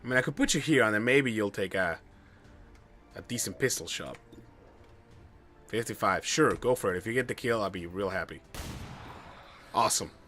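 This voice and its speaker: A man streaming a game live, commenting excitedly and swearing at bad luck. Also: lowish voice, normal speed, pauses often, soft background music. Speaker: gamer streaming a playthrough.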